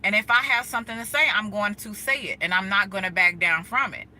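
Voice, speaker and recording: An outspoken woman hosts a casual motivational livestream from inside her car as she drives, talking emphatically to her chat. Her voice is medium-pitched, brisk and sharp-toned, on a rough recording with slight background noise.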